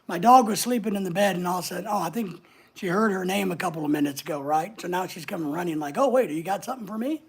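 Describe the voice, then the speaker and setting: A woman's voice: fairly low pitch, fast talker, creaky, breathy edge. A woman hosting a casual livestream, chatting away and answering viewer comments as they come in. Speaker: livestream host.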